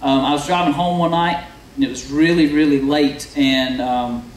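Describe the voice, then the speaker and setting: A man's voice: fairly high pitch, steady tone, moderate pace. A young man preaching a sermon, telling a story in a chatty way and asking the crowd questions. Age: young adult. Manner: conversational storytelling, addresses the crowd. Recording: echoey hall from far off, faint noise.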